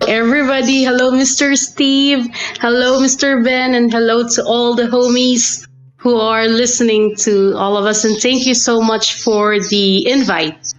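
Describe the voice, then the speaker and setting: Slow-speaking woman teacher as podcast guest. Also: on the high side, level tone, faint music behind, rough recording. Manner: friendly, enthusiastic. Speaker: guest, teacher and content creator. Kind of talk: casual chat. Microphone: online voice chat.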